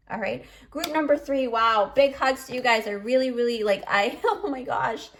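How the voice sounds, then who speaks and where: A woman's voice: a little high, normal speed, hardly any pauses. A woman giving a pick-a-card tarot reading in a chatty, emotional way, full of fillers, and choked up. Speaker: tarot reader.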